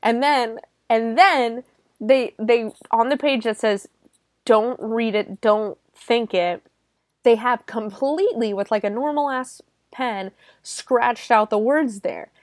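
A woman hosts a podcast where she reviews a film in casual, animated chat full of sarcasm, swearing, and "like." Her voice is fairly high and measured in pace, captured in a clean, dry studio recording.

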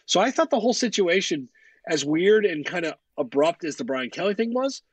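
A man's voice: high-pitched, lively intonation, brisk, breathy edge, no echo. A man co-hosting a sports podcast in casual chat, blunt and opinionated, swearing freely. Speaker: podcast co-host.

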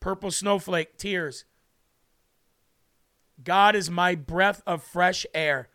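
A man with a high, bright voice preaches on a livestream, deeply moved and close to tears. He talks slowly and fervently and repeats words for emphasis. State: tearful, moved. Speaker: livestream host.

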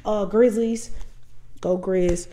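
A woman co-hosting a casual podcast, her voice hoarse and nasal from a cold, chatty and heartfelt. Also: mid-range voice, steady tone, takes it slowly. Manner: chatty, heartfelt sign-off with sports shout-outs. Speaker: podcast co-host.

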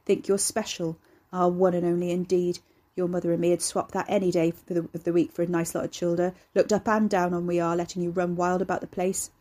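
A woman voicing a gruff, sneering older man who rumbles low and threatening. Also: fairly quick, darkish tone. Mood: menacing.

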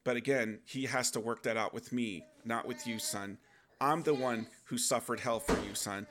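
A man voicing Jesus, calm and firm. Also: mid-range voice, moderate pace, heavy background noise, natural voice. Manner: plain-spoken, addresses listener as son. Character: calm, firm male Jesus, mildly scolding.

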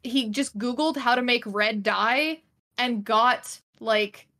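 A woman's voice: a little high, slow, bright, forceful tone. A young woman guest on a podcast, talking in a gossipy, filler-heavy way with laughter. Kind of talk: casual podcast chat.

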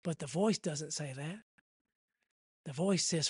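A man's voice: fairly high pitch, animated, unhurried, husky, no echo. Impassioned male preacher, dry close sound. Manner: impassioned, repetitive, swells to near shouting. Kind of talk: sermon.

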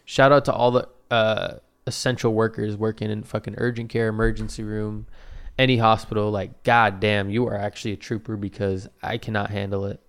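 A man's voice: lowish voice, flat delivery, fairly quick, clear, resonant tone. A man in his twenties casually telling a rambling, profane story about his own day, with self-deprecating asides.

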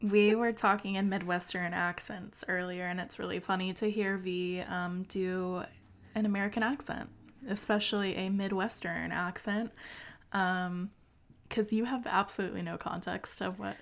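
Chatty woman co-host, excited, lots of ums, middle pitch. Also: normal speed, gravelly. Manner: chatty and enthusiastic, with frequent ums. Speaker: podcast co-host. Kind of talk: casual chat.

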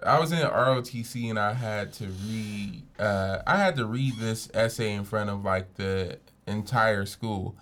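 A young man co-hosting a podcast in casual chat, an animated storyteller who swears freely and acts out what people said. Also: lowish voice, unhurried, hardly any pauses. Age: young adult. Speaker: podcast co-host.

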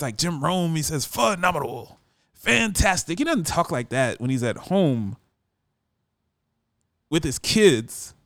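A man's voice: fairly high pitch, gravelly, dry recording, clean studio sound. A man who hosts a radio show, talking in a brash, emphatic casual monologue.

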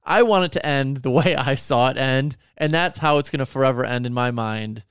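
A man's voice: mid-range voice, a little fast, fairly bright tone, clean tone, no echo, studio quality. A man in casual chat, telling stories in a profane, sarcastic rant. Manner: profane, ranting, sarcastic storytelling.

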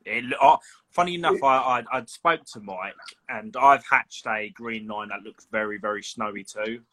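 Bright-voiced podcast host. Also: male voice, lowish voice, moderate pace. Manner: easygoing, laughs along, rambling explanations. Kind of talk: casual podcast chat.

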